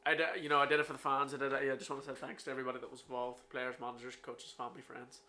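In a mid-range, monotone voice that's bright, forceful and rapid-fire, a Northern Irish podcast host in his twenties chats with a friend. The talk is casual and jokey, full of tangents and fillers.

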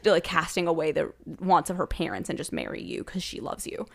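A woman's voice: on the low side, brisk, creaky. A woman co-hosting a podcast, chiming in to correct and fill in a movie plot in casual chat. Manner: chatty, corrects and adds details, laughs often. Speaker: podcast co-host.

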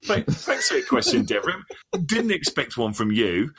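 A man's voice: on the high side, wildly swooping pitch, normal speed, fairly bright tone, slightly rough. A man with an English accent co-hosting a podcast in casual chat, swearing freely and joking around. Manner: swears freely, laughing banter. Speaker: podcast co-host.

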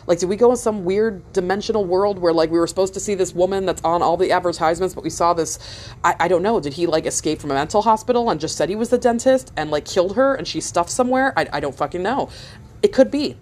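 A woman in her thirties with a slightly low voice recounts a story in a loose, rambling way. She swears freely and trips over her own words, and her pitch rises and falls as she gets animated. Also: quick pace. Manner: rambling, profane, animated retelling with many fillers. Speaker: mother telling a story. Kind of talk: casual storytelling.

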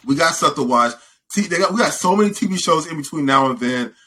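A man's voice: fairly high pitch, expressive, quick pace, pushed and bright. A young man co-hosting a podcast, chatting casually and complaining playfully. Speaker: podcast co-host. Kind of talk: casual chat.

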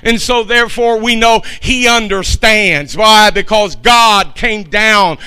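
A man with a high, bright voice preaching a sermon. He delivers it with fervor, swelling to shouts at the big points and repeating lines for emphasis. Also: takes it slowly, clear, resonant tone, poor audio. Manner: fervent preaching, rising to shouts. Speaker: pastor.

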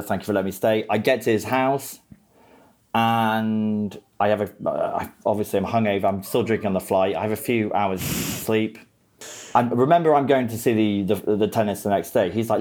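Young man, low-ish voice, rambling animated storyteller, swears and laughs a lot, casual podcast chat.

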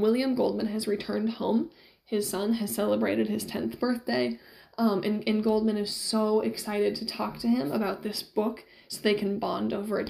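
A woman's voice: on the high side, creaky, mellow. A woman teacher casually retelling a story to her class, slipping into short quoted lines as she goes.

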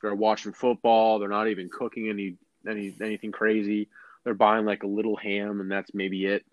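A man co-hosting a podcast, telling a story in casual chat with lots of restarts and animated asides. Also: fairly low pitch, fairly quick, no echo, highs cut off. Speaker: podcast co-host.

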